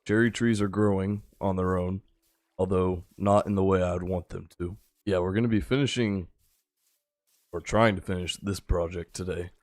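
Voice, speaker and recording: Sleepy young dude streaming a game, lowish voice, just rambling to chat. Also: male voice, fairly even intonation, moderate pace, darkish tone, no echo, studio quality. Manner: laid-back, rambling, chats with viewers. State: a little tired. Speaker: gaming streamer. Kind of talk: casual live-stream commentary while playing.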